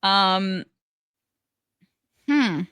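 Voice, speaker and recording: A woman co-hosts a chatty podcast, breaking into giggles and restarting her sentences as she goes. Her voice is bright and ringing, and the recording is dry and close. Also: mid-range voice, lively intonation, clean tone, no room sound. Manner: giggly, halting, many restarts. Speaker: podcast co-host. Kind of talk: casual podcast chat.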